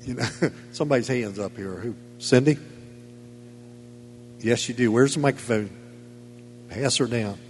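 A pastor preaching a sermon in a church, emphatic and folksy with chuckling asides. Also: male voice, medium pitch, measured pace, long pauses, a little mellow, big-room sound, slight background noise. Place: church sanctuary.

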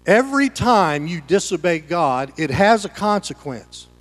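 High-voiced preacher in a reverberant hall. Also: male voice, big pitch swings, a little slow. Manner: dynamic preaching with swings between loud and hushed. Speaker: pastor. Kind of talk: sermon.

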